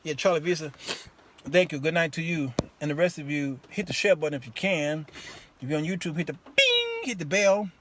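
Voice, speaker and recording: A man's voice: fairly high pitch, brisk, a little hiss or hum. Man telling a story with speech. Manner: animated, acts out both sides of a conversation. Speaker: host. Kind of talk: casual live-stream storytelling. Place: outdoors in the rain, then in a car. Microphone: phone.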